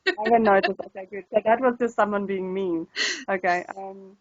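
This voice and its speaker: A woman's voice: mid-range voice, steady tone, crowd noise. Chatty South African woman, Afrikaans native. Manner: chatty, laughs often, quick asides. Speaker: language tutor. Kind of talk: casual interview chat. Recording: dull lo-fi dry sound.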